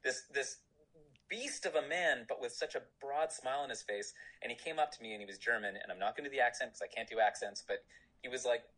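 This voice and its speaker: A man's voice: medium pitch, fast, fairly bright tone, low-quality recording. A man, a film director, answering interview questions in a rambling, self-deprecating way with frequent laughs.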